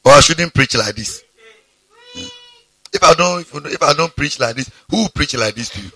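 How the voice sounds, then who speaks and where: A pastor preaching a sermon, breaking into sudden high exclamations. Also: male voice, expressive, moderate pace, bright, forceful tone, breathy edge.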